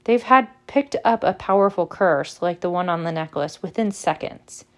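A woman with a fairly low voice reads aloud, lightly acting the part of a clever teenage schoolgirl witch. The character explains things briskly and with scorn.

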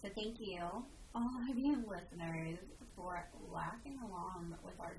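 A woman's voice: fairly low pitch, animated, unhurried. A woman hosting a casual podcast as a wedding professional, chatty as she wraps up the episode. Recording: distant mic with clear background noise.

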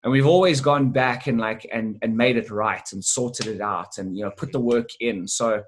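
A man as an interview guest, telling a sales story in a lively, animated way with casual swearing. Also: medium pitch, moderate pace, a little hiss or hum. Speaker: guest, sales business owner.

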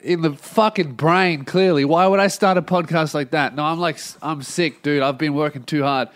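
A male Australian comedian hosts his own podcast, delivering a casual comic monologue that turns into an exasperated rant packed with swearing. His voice is on the high side, with fairly even intonation and a moderate pace. He has a blocked nose and sounds congested.

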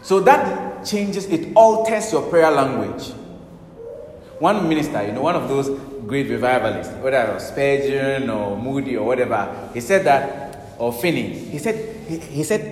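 Emphatic preacher in an echoey hall. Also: male voice, mid-range voice, animated, unhurried. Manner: emphatic, swinging between loud urgent bursts and hushed passages. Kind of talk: sermon. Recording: echoey hall with long reverb, faint ambience.

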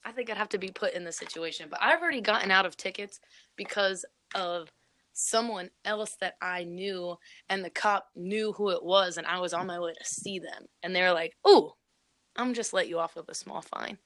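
A woman's voice: fairly low pitch, normal speed, pushed and bright, dry recording. A young woman from Pennsylvania, a podcast co-host, chatting frankly and telling stories with casual swearing. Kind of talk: casual chat.

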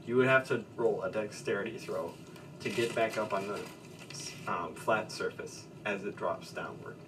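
A man with a fairly low voice runs a tabletop game as its narrator, easygoing and a little halting. He sits some way off from the mic, with a faint hiss of noise behind him. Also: far from the mic. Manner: relaxed, hesitant narration with fillers and laughs. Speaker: game master.

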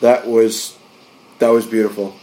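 A man's voice: on the low side, flat delivery, unhurried, dark tone. A man co-hosting a podcast, chatting casually through a wrestling recap and acting out quotes in raised voices. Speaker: podcast co-host.

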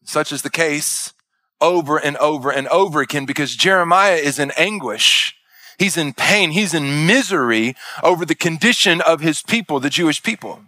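A middle-aged man preaching a sermon as a pastor, animated and playful, acting out voices with big swings in pitch. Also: normal speed, no echo, clean studio sound.

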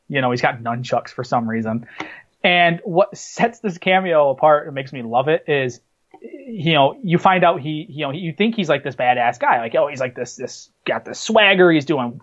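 A man's voice: a little high, lo-fi sound. A man co-hosting a casual movie podcast, telling stories with lots of fillers and restarts. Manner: animated storyteller, many fillers and restarts. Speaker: podcast co-host. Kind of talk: casual chat, movie countdown.

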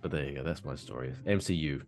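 A man's voice: extremely low pitch, quick pace, darkish tone, faint music behind. A man co-hosting a podcast in casual chat, telling profane rambling stories with a tired, wearing-out voice. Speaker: podcast co-host.

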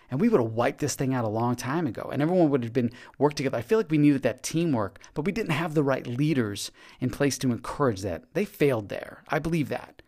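A man's voice: mid-range voice, animated, fast, a little mellow. A man hosting a podcast, giving an earnest, encouraging motivational monologue and often repeating his words. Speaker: podcast host.

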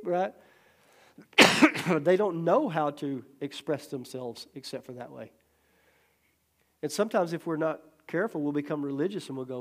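A man's voice: on the high side, moderate pace, pauses often. A man pastor leading a Bible study, telling stories with acted-out quotes and frequent laughter. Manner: lively storyteller who laughs often and acts out quotes.

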